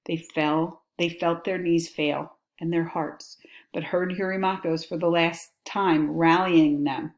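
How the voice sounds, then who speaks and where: A woman's voice: deep voice, flat delivery, measured pace, darkish tone. A woman teacher reading a text aloud and explaining it in a casual, chatty way.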